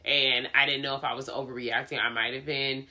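A woman's voice: extremely low pitch, flat delivery, a little fast, sharp tone. A young adult woman co-hosting a podcast, giving sassy, joking film picks in casual chat. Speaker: podcast co-host.

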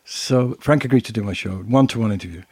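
A man's voice: lowish voice, fast talker, husky, dry recording, studio quality. An older British man co-hosting a podcast, telling anecdotes in casual conversation and acting out the quotes. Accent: British English. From Britain. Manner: animated storyteller who acts out quotes. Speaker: podcast co-host.

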